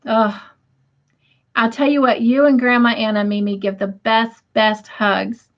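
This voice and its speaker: Slightly slow and level in tone, this middle-aged woman's fairly high voice carries her casual livestream from home. She laughs often and chats while reading viewers' comments aloud, all in dull, lo-fi stream audio.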